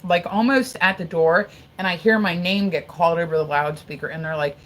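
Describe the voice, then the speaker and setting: Here a woman in her forties rambles through a long story on a livestream, a bit fast, in a lowish voice over poor audio. Swearing comes easily to her, "like" shows up constantly, and she interrupts herself between stories to chat with and thank her viewers.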